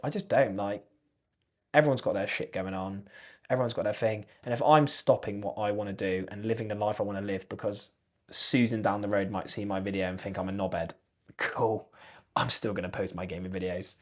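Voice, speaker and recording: A young man in his twenties talks as a podcast guest, loose and jokey. He chats casually, swears freely and keeps things animated. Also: lowish voice, a little fast. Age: 20s. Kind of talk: casual chat.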